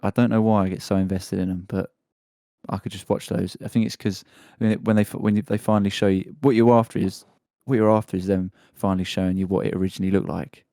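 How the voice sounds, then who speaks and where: A man's voice: deep voice, little pitch movement, fast, dark tone, no room sound, studio quality. A man hosting a podcast, chatting casually in a rambling, laughing way with some swearing. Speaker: podcast host. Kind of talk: casual chat.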